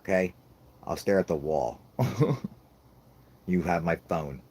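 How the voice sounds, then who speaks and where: In a casual chat, a podcast host rants about his toddler in a rambling, comic way, swearing nonstop and laughing at his own jokes. His voice is deep, a little mellow and slightly rough, and he speaks slowly.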